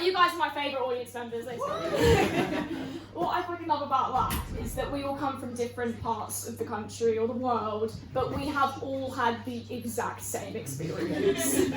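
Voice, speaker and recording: A woman's voice: fairly high pitch, very noisy. A young woman from England hosting a student stand-up night, chatty and complaining, swearing freely. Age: young adult. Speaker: comedy night host. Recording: echoey room, mic heard from far off.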